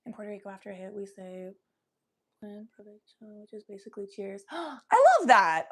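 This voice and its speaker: A young woman hosting a casual livestream, chatting to viewers in a loose, giggly, profane way while high. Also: huge pitch swings, normal speed, gravelly, slightly rough. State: high from smoking weed. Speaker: livestream host. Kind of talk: casual chat reading viewer comments.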